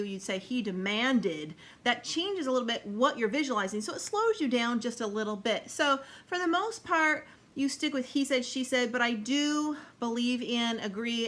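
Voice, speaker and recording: A woman's voice: on the high side, a bit bright. A woman giving a chatty video lesson on fiction writing, acting out example lines of dialogue and laughing now and then. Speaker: writing instructor. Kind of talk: explanatory video talk.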